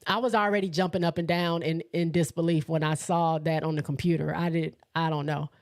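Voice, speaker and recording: Woman with a slightly low voice, hosting a live sports stream, chatty and excitable, laughing a lot. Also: brisk. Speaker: host of a live sports show. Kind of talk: casual live-stream chat reading viewer comments.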